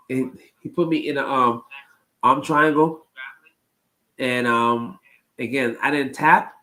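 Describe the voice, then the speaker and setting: A streamer with a mid-range, sharp-toned voice tells his live chat a long story in a casual way. He rambles, repeats phrases and uses plenty of ums, and the recording is rough.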